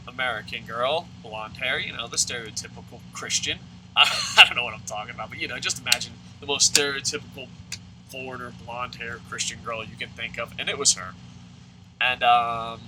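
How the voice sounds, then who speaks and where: A man hosting a let's play, telling a story as he plays. He rambles, swears often and slips into sarcasm, pausing on frequent fillers. A clear background noise runs under the recording. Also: medium pitch, steady tone, sharp tone, poor audio. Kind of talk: casual storytelling over gameplay.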